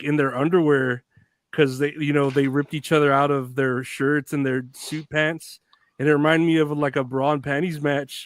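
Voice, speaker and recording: A man's voice: a little high, fairly bright tone, dry recording. A man co-hosting a wrestling podcast in casual chat, rambling and laughing often. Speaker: podcast co-host.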